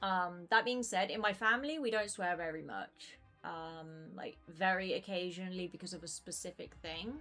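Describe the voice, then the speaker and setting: A young woman in her twenties chats casually on a game stream. She rambles with plenty of fillers and restarts. Her voice sits a little low for a woman. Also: moderate pace, hardly any pauses, sharp tone, faint music behind. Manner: chatty, rambling, many fillers. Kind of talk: casual gaming stream chat.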